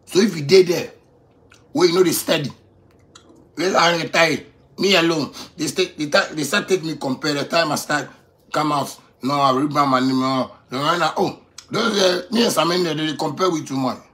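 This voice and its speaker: A man's voice: on the high side, normal speed. Boastful man ranting in Ghanaian Pidgin. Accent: Ghanaian Pidgin English. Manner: boastful and swaggering, repeats phrases for emphasis, swings from quiet to loud. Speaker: musician addressing critics. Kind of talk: boastful off-the-cuff rant.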